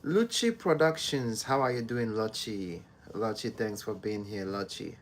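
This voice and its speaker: A Nigerian-born man hosting a casual live stream from home, greeting viewers by name and chatting with them in a soft, unhurried way. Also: lowish voice, lively intonation, a little hiss or hum. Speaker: livestream host.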